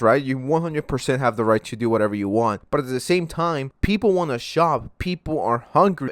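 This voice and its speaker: A man's voice: mid-range voice, no echo, studio quality. Sarcastic young man ranting in his room. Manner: sarcastic, ranting, swears freely. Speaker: commentary YouTuber. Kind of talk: reaction commentary vlog.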